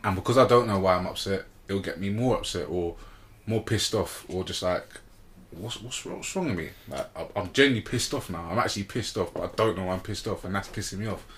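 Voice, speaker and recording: A man's voice: sits low, fast talker, fairly bright tone, slight background noise. A young man hosting a casual chat, candid and repeating himself for emphasis. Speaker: podcast host.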